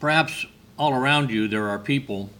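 A man giving a sermon, telling stories in a slow, measured way with brief hesitations. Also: mid-range voice, bright, forceful tone. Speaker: preacher.

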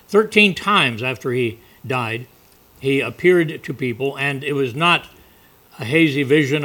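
Bright-voiced male preacher. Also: medium pitch, unhurried. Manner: folksy, conversational preaching with asides. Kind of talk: sermon.

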